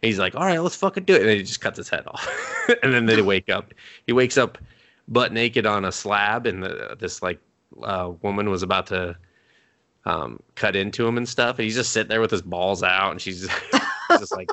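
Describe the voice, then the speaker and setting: A man's voice: fairly low pitch, normal speed, sharp tone. A young man co-hosting a podcast, rambling loosely and swearing freely as he retells scenes. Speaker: podcast co-host. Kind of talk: casual chat recapping anime.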